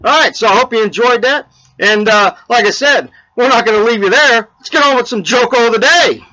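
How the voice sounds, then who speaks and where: Man, high voice, bright, rambling, lots of fillers, laughs at own jokes. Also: a little fast, rough recording. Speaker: vlog host. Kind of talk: casual chat and joke telling.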